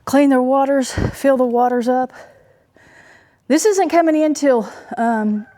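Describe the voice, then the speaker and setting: A woman's voice: high voice, takes it slowly, dark tone. Chatty woman homesteader doing chores. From Oklahoma. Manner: chatty, rambling, many fillers. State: out of breath. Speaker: homesteader vlogger. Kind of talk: casual narration while doing farm chores. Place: outdoors on a farm.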